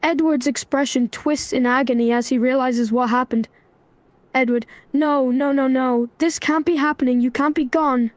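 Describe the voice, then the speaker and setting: A text-to-speech woman's voice, narrating a melodramatic role-play story and speaking its lines in an even, scripted way. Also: sits high, moderate pace, no echo. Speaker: AI chatbot narrator.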